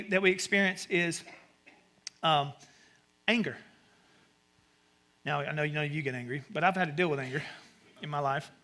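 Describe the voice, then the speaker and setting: High, bright-voiced Southern pastor preaching. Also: male voice. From American South. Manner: conversational preaching with sudden animated asides. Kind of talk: sermon.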